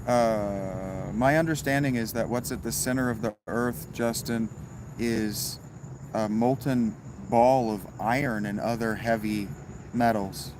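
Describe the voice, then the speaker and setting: A man's voice: fairly low pitch, fairly even intonation, unhurried. Man, livestream host, laid-back chat with viewers, wry, swears now and then, noisy crickets behind.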